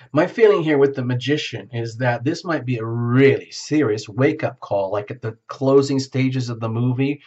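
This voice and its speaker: Doing a solo tarot reading to camera, a man talks in a chatty way, laughs often and acts out bits of dialogue. His voice is mid-range, and the recording is muffled.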